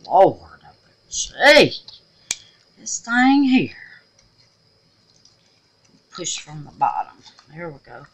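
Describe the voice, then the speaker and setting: A woman with a drawl talks slowly and brightly as she shows off her resin crafts. She calls her viewers babies and y'all and keeps slipping into quiet muttered asides. Her voice sits a little low. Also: slight background noise. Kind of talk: casual crafting vlog.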